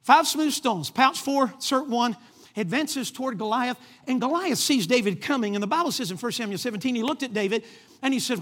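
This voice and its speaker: A preacher telling a Bible story in an animated sermon, acting out the characters and calling for amens. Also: male voice, extremely high pitch, fairly quick. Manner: calls for amens from the congregation.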